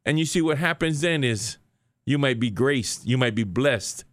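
A man's voice: medium pitch, lively intonation, normal speed, no room sound. Hawaiian Pidgin preacher man, dry sound. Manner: folksy preaching, rising to emphatic questions. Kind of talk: sermon.

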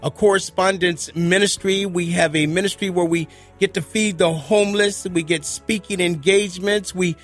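A man's voice: high voice, fairly even intonation, moderate pace, few pauses, soft background music. A man visiting a radio studio as a ministry guest, preaching fervently and repeating his amens.

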